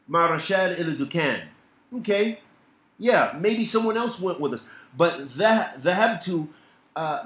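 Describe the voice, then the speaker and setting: A man teaching a Quran commentary lesson, explaining verses with quick recited quotations and repeated emphasis. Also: high-pitched, a bit bright, roomy sound. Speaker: Islamic teacher.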